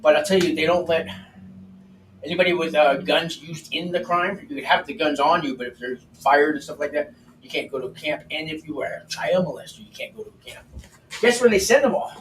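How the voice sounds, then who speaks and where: A man's voice: on the high side, a little fast, a bit bright, distant mic. An older man hosting a livestream, telling stories in a blunt, profane, chatty way while cooking in his home kitchen. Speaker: livestream host. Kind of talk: casual storytelling while cooking. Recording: roomy, off-mic with faint background noise.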